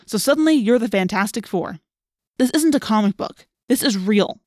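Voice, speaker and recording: A woman's voice: medium pitch, animated, normal speed, darkish tone, no echo, clean studio sound, lightly acted. Woman doing a sarcastic teen boy. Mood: mocking.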